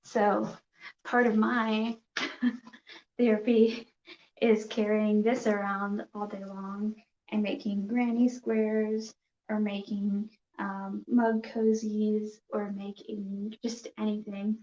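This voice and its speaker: A woman chats with her viewers on a casual live stream, hesitant and nervous, full of pauses and restarts. She speaks slowly in a flat, even voice. The sound is dull and roomy, as in a home room. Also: medium pitch. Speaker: yarn crafting streamer.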